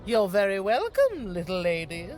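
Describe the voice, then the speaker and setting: A woman's voice: medium pitch, wildly swooping pitch, moderate pace, a little mellow. A woman playing a snobbish, haughty noblewoman in a video game, lecturing in a disdainful manner. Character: snobbish noblewoman obsessed with titles. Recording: game audio with music behind.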